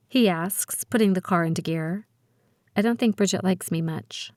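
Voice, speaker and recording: A woman reading a teen spy thriller audiobook aloud in the first person, with brisk, expressive storytelling. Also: lowish voice, no room sound, clean studio sound. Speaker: audiobook narrator. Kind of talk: first-person scripted narration.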